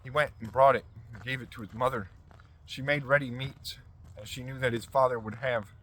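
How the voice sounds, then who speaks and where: A man reading scripture aloud at a measured pace, with occasional stumbles and restarts. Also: medium pitch, steady tone, fairly bright tone, slightly rough. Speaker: scripture reader.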